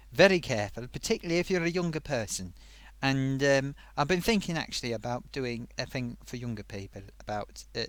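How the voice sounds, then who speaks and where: A man's voice: medium pitch, a bit bright, no room sound, lightly acted. A man voicing a chatty, affable male sock puppet who hosts a live stream, rambling playfully and giving friendly advice to viewers.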